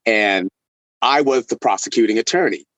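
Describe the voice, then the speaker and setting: A middle-aged man from Texas, a violinist guest, telling stories in a casual interview with laughs and animated delivery. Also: fairly low pitch, moderate pace, dry recording, muffled recording. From El Paso, Texas.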